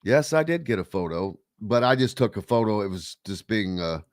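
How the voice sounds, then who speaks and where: A man's voice: lowish voice, lively intonation, normal speed, no room sound, clean studio sound. A man hosting a casual sports talk radio show, rambling loosely with plenty of fillers and reading listener comments aloud.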